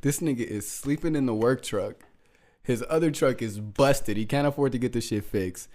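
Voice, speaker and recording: A man's voice: mid-range voice, moderate pace, darkish tone. A young man co-hosting a podcast, chatting casually and telling a story while breaking into frequent laughter. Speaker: podcast co-host.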